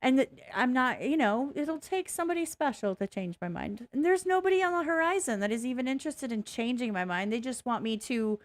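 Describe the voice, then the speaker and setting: A woman's voice: high-pitched, lively intonation, brisk, hardly any pauses. A woman vlogging casually in a blunt, candid way, swearing freely, rambling and restarting as she talks. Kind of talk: casual reaction vlog.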